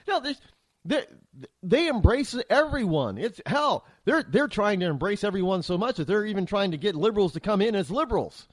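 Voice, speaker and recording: Male talk host, fired-up opinion monologue, high animated voice, dry close sound. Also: normal speed, no echo. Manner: heated, opinionated, rambling with frequent restarts. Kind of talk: political commentary monologue.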